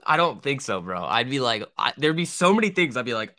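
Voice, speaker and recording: A man's voice: mid-range voice, very animated, a little fast, few pauses, sharp tone. A young man hosting a trading livestream, answering viewer questions in a rambling, profane, joking way. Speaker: stock trading livestream host.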